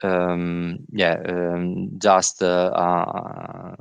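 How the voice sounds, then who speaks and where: Halting, low-voiced man presenting slides. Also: completely flat delivery, gravelly, clean tone, no room sound, highs cut off. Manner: halting, many filler sounds. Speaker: workshop presenter. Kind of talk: technical presentation. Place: virtual workshop call.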